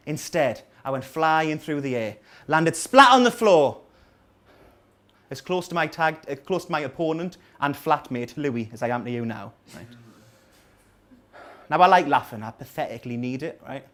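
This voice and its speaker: A man's voice: on the high side, expressive, moderate pace, a bit bright. A man in his thirties with a Geordie accent, doing a rambling, self-mocking stand-up set in a small coffee house. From North East England. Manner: rambling self-mocking storytelling with dry asides. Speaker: stand-up comedian. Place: small coffee house venue with a live audience.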